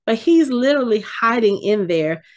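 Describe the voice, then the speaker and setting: A woman co-hosting a podcast, recapping a TV episode in casual, animated chat and getting exasperated as she retells it. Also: fairly high pitch, normal speed. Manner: animated, exasperated storytelling with frequent restarts. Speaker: podcast co-host.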